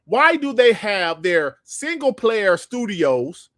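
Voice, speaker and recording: A man hosting a gaming podcast livestream, ranting in a heated, profane and animated way. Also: high-pitched, slow, no room sound. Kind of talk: livestream commentary rant.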